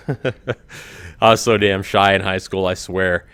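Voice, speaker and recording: Rambling comic YouTuber, male, forties, lowish voice, dry close sound, chuckles at own punchlines. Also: fairly even intonation, takes it slowly, fairly bright tone, clean tone, no room sound. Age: 40s. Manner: rambling, laughs at his own jokes. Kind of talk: joking comedic monologue.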